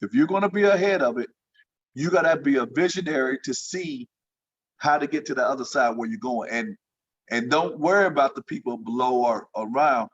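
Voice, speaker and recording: A man telling lively stories as an interview guest, leaping up in pitch when he gets excited. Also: a little fast, slightly rough, lo-fi sound. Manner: animated storyteller, jumps high in pitch for excited quotes. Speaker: guest, former pro basketball entertainer. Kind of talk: storytelling in casual interview.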